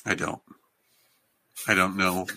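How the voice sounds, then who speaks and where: A man with a very bright, forceful voice hosts a loose online chat. He talks in a chatty, halting way, full of ums and restarts, and laughs easily. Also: sits low, little pitch movement. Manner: chatty, hesitant, laughs often. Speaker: host. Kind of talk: casual video call chat.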